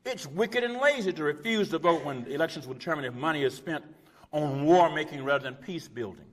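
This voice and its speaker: A man preaching a sermon as a pastor, impassioned, with repeated rhetorical phrases that swing from loud urgent peaks to hushed low drops. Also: animated, brisk. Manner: repetitive rhetorical cadence. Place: church sanctuary. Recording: long church reverb.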